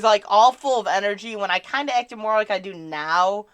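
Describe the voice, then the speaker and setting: A woman's voice: medium pitch, normal speed, fairly bright tone, no echo. A woman chatting casually on a live stream, answering her chat in a rambling, candid and self-deprecating way.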